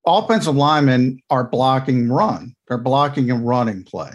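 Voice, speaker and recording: A man analyzing his team's games in a casual podcast chat, explaining things in quick, talkative runs with asides. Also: medium pitch, lively intonation. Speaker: team insider analyst.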